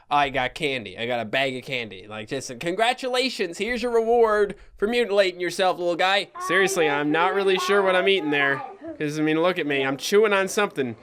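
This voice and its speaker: A man's voice: on the high side, a bit bright, clear, resonant tone. A young man in his twenties with a Newfoundland accent, telling a childhood story in a casual, joking commentary with the odd swear. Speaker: YouTuber.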